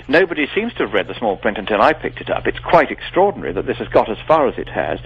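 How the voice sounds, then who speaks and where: A man's voice: medium pitch, husky. A man being interviewed on the radio, speaking in an articulate, formal and emphatic way. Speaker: guest. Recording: dull lo-fi radio broadcast.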